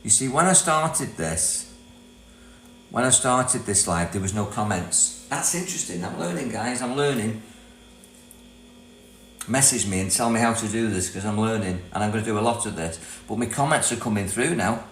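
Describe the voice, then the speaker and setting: Here the same kind of setup: an older Briton running a rambling, chatty self-help livestream from a Thai property, laughing a lot as he reads out viewer comments. He sounds on the low side, expressive and a bit bright at normal speed, with room echo and mains hum in the background.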